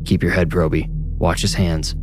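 A man voicing a gruff, seasoned older police officer who gives low, clipped orders. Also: flat delivery, moderate pace, music in the background, natural voice. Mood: calm command.

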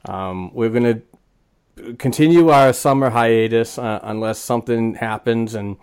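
A man's voice: mid-range voice, a little slow, smooth. A man hosting a hockey podcast, telling stories in casual chat with lots of fillers. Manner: animated storyteller, frequent fillers. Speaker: podcast host.

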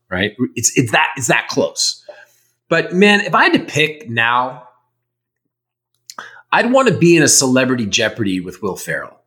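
A man's voice: lowish voice, a bit bright. A man in casual chat answering fan questions, rambling and candid, swearing now and then. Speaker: podcast host, actor.

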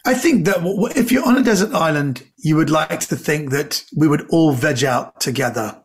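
A man from Britain, a comedian guest telling lively anecdotes in casual chat, acting out quotes and stumbling over restarts. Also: a little high, moderate pace. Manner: animated anecdotes with acted-out quotes and stammered restarts.

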